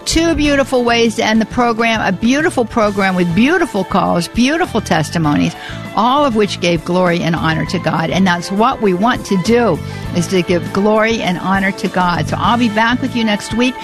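A woman hosting a call-in radio show, effusive and warm with praise, often repeating her words, on a studio mic. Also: medium pitch, expressive, moderate pace, music in the background. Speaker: radio talk show host.

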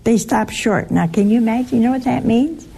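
A woman's voice: a little high, fairly quick, creaky, warm tone, husky. A woman teaching a Bible study to a group in a chatty, teasing way, asking her listeners questions. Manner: chatty, asks the audience questions, teasing humor. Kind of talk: informal scripture talk to a group.

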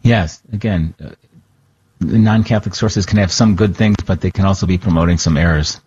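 A very deep-voiced man, a priest on a radio show, talks in a husky, measured way. The sound is dull and lo-fi. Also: a little mellow. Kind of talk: casual radio talk.

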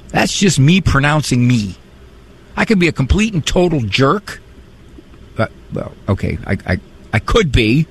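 A man's voice: on the high side, creaky, breathy edge. A middle-aged man hosting a call-in radio show, talking in a conversational, wry way with preachy asides. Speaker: radio call-in host and psychologist. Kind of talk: talk-radio monologue.

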